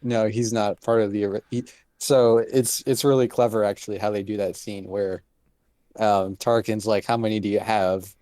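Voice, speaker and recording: A man's voice: fairly low pitch, flat delivery, normal speed, mellow, dry recording. A man co-hosting a casual podcast chat, hesitant and chuckling mid-sentence.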